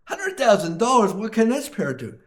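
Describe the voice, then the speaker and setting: A man's voice: high voice, wildly swooping pitch, brisk, a bit bright, pitched above the performer's own voice, full character voice. A man voicing an astonished customer in a pet store who cries out in disbelief at each price. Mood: incredulous. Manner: incredulous, raised exclamations.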